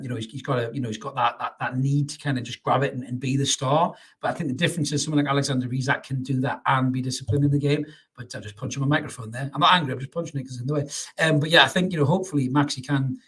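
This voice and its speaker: A husky-voiced man runs a live fan stream, talking quickly through viewer comments. He chats casually, calls everyone mate and often restarts his sentences. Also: mid-range voice, fairly bright tone. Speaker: fan channel host.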